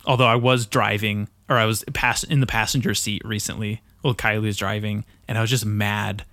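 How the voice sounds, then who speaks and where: Profane, excitable young man, dry sound. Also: fairly low pitch, fairly quick, no room sound. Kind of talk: casual chat.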